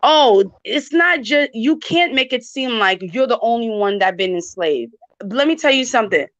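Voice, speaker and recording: A woman's voice: fairly high pitch, expressive, normal speed, a bit bright, no room sound. A woman, talking emphatically and directly to her viewers in a casual chat. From New York. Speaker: channel host. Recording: dry, dull lo-fi sound.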